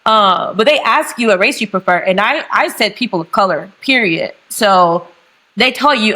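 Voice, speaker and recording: A woman's voice: medium pitch, fairly quick, pushed and bright, poor audio. Chatty woman with a St. Louis accent. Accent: St. Louis, Missouri. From St. Louis, United States. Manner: candid, laughing, talkative. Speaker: guest. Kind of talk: casual podcast chat over video call. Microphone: video call.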